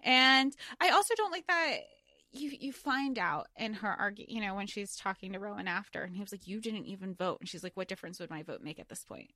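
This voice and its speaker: Chatty woman podcaster, bright voice, dry close sound, lots of likes and swearing. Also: mid-range voice, brisk, no echo. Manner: animated, swears freely, lots of filler words. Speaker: podcast co-host. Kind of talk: casual book discussion.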